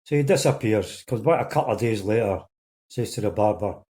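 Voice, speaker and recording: A comedian telling jokes in a chatty storytelling manner. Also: male voice, lowish voice, a little fast, dark tone. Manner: chatty storyteller building up to punchlines.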